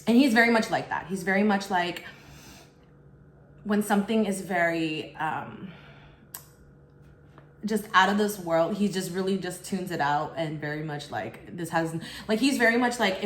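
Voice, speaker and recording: A woman's voice: on the low side, normal speed, long pauses, a little hiss or hum. A young woman vlogger telling a casual storytime while eating, chatty and full of "like", acting out other people in quotes. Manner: chatty, fills speech with "like", acts out others in quotes. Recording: roomy echo.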